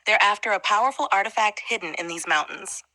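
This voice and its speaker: A woman's voice: medium pitch, fast talker, pushed and bright, no echo, natural voice, low-quality recording. A woman voicing a young woman team member in an audiobook, explaining plainly. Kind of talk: audiobook character reading.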